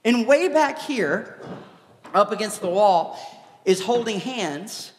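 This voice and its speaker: A man, a former youth pastor, giving a live preaching talk in an animated, joking storytelling manner in a large church hall. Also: high-pitched, slow, a little hiss or hum. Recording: echoey hall with long reverb.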